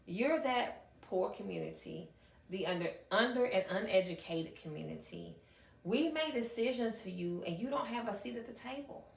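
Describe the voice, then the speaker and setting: A middle-aged woman, a high school math teacher, telling stories to an audience with emphatic repetition and acted-out dialogue. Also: expressive, moderate pace, vocal fry. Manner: emphatic, acts out dialogue, repeats phrases for effect. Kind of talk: storytelling talk to an audience. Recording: echoey room, mic at a distance.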